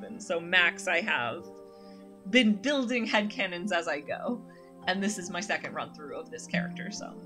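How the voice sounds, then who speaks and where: A woman's voice: mid-range voice, bright, forceful tone. A woman streaming a horror visual novel, chatting and reading the text aloud. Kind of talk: casual game narration.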